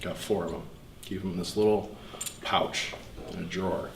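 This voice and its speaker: A young man speaks earnestly to a small seminar group, slowly and reflectively with pauses, his voice sitting a bit low. He sounds distant from the mic in an echoey room, with a faint hiss underneath. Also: steady tone, creaky. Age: young adult. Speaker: student speaker.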